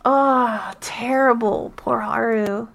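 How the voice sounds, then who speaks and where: Woman co-host for a casual gaming chat: a slightly high voice, animated and emphatic, often restarting her sentences. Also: takes it slowly, gravelly. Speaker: podcast co-host. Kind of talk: casual game discussion.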